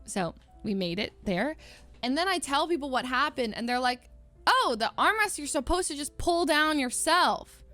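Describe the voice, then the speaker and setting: A young woman livestreamer telling a story in a casual, animated way, laughing often and acting out quotes in a higher voice. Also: moderate pace, no room sound, soft background music. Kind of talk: casual storytelling to stream chat.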